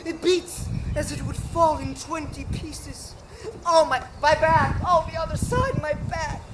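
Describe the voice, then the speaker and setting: A woman's voice: sits high, unhurried, noisy background. A woman playing a garrulous older nurse on stage, teasing and complaining with groans and laughs. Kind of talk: live stage acting.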